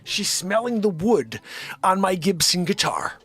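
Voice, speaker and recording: A man's voice: high-pitched, big pitch swings, a little slow, a bit bright, husky, faint music behind. A man hosting a daily live comedy stream from home, rambling loosely, scolding his dogs and calling out viewers' names.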